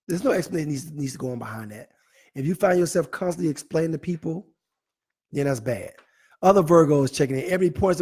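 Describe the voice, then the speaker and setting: A male host chatting live to his online audience, his pitch sitting squarely in the middle for a man. He reads viewer messages aloud and answers them playfully. His delivery stays animated and teasing throughout. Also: moderate pace. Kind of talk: live online talk show, reading viewer comments.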